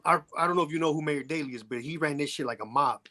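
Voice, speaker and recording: A man's voice: a little high, very fast, sharp tone. A man from Chicago guesting on a podcast, telling stories in blunt, profane casual chat.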